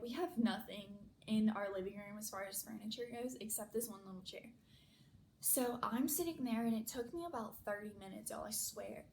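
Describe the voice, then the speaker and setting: Girl yakking a story, kinda high voice, echoey room w/ faint hiss. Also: darkish tone. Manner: chatty, lots of "like" fillers. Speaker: vlogger. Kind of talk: casual storytelling.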